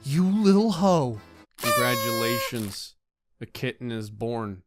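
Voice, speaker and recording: A man giving sarcastic, comedic commentary over a life-sim game, often jumping into silly high voices. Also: very animated, slow pace, over loud music. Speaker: gaming channel host.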